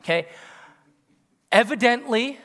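High bright-voiced male preacher in a reverberant hall. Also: slow pace. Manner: animated, punchy, with bursts of laughter. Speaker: pastor. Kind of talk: sermon.

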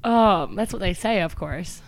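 Woman, podcast co-host, casual chat, animated, laughing, acts out scenes. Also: on the low side, measured pace.

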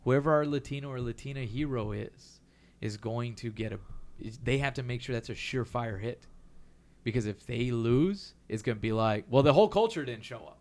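A Texan comedian with a Texan accent chats loosely on a podcast in a mid-range voice. He's animated and profane, slipping into quick impressions of other people.

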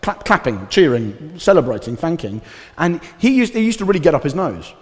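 A male pastor giving a conversational, animated sermon with casual asides. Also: on the high side, a little fast. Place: church hall. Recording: reverberant church hall.

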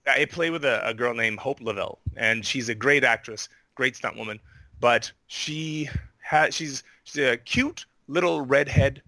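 A man's voice: mid-range voice, a little slow, no room sound. A middle-aged man, a podcast guest, telling a story with animation and acting out the voices of the people in it. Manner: animated, acts out players' voices in his story. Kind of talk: storytelling in a casual chat.

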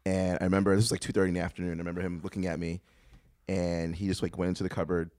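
Fast-talking man telling stories, laughing. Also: deep voice, completely flat delivery, darkish tone, no echo, studio quality. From Boston. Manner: quick, laughing storyteller. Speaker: guest, professional wingman. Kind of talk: casual podcast chat.

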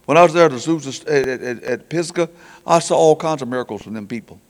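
A man's voice: fairly high pitch, quick pace. An older man preaching in a folksy storytelling way, stammering and repeating words as he acts out the people in his stories. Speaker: preacher telling revival stories. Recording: church hall reverb.

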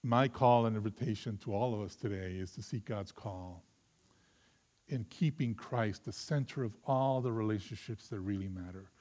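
A man preaching a sermon with earnest conviction, moving between loud emphatic stretches and quiet reflective ones before closing in prayer. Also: lowish voice, moderate pace. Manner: closes in prayer. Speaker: pastor.

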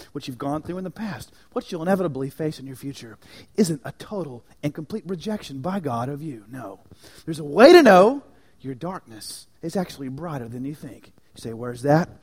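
A male pastor preaching a sermon, swinging from hushed, near-whispered lines to loud, ringing declarations. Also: on the high side, breathy edge. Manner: dynamic preaching, dropping to near-whispers and rising to shouts.

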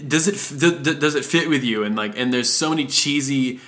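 A man's voice: mid-range voice, a little fast, fairly bright tone. A man in casual conversation, talking in a rambling way with lots of fillers and acting out other people's lines. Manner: rambling, filler-heavy, acts out customer voices. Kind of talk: casual chat.

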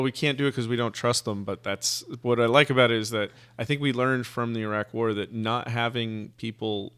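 A man's voice: mid-range voice, fairly bright tone, clear, resonant tone. A man, a physicist guest, explaining his views in a thoughtful, hesitant way with many fillers. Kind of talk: casual conversation.

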